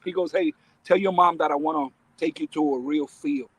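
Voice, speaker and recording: High-voiced animated storyteller man. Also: moderate pace, slightly rough, dry recording. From Dominican Republic. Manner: lively, acts out voices in his stories. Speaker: guest.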